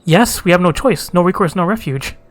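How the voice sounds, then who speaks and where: A man's voice: high-pitched, brisk, soft background music, voice pushed up, close to an everyday voice. A man voicing a wailing, self-pitying male kobold that repeats itself in strings of synonyms. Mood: woeful.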